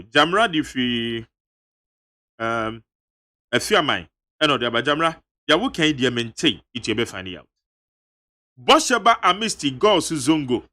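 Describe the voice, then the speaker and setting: Lively Ghanaian man on radio. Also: fairly high pitch. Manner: lively, emphatic, switches between reading and local-language asides. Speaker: radio host reading listener messages. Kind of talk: radio call-in message reading. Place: radio studio.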